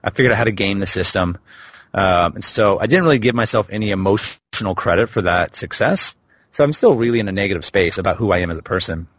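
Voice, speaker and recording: A man's voice: on the low side, lively intonation, quick pace, fairly bright tone, no echo. A man in his thirties, a podcast guest, candidly telling a personal story in a reflective way. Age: 30s. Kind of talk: storytelling interview.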